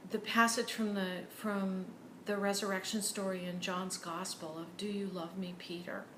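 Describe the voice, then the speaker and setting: A woman preacher delivers a sermon in an earnest, heartfelt manner, often sinking to a soft near-whisper to drive a point home. Her voice sits at an ordinary middle pitch and carries the roomy echo of a church, with a faint hum underneath. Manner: earnest, drops to hushed near-whispers for emphasis.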